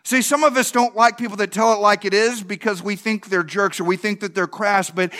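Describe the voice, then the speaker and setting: Male pastor, 30s, high voice, folksy preaching full of rhetorical questions. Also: a bit bright. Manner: conversational, repeats "can I tell you", restarts. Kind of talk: sermon.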